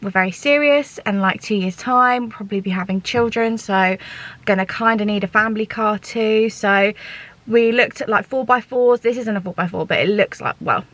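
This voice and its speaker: A woman's voice: medium pitch, normal speed, no room sound, poor audio. Chatty young woman vlogging. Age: young adult. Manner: chatty, excitable, lots of fillers. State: sore throat. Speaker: vlogger and small business owner. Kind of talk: casual vlog chat.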